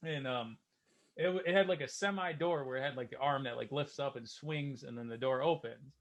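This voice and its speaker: A man's voice: mid-range voice, a little fast. A man with a Detroit accent hosting a podcast, telling a story in casual profane chat and laughing through it. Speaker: podcast host. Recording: noticeable background noise.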